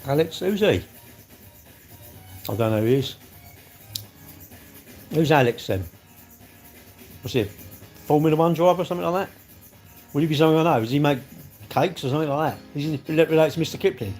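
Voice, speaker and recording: A man's voice: a little high, a little fast, pauses often, darkish tone. Chatty man live-streaming, faint music. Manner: chatty, bantering, answers comments aloud. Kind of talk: casual live-stream chat with viewers.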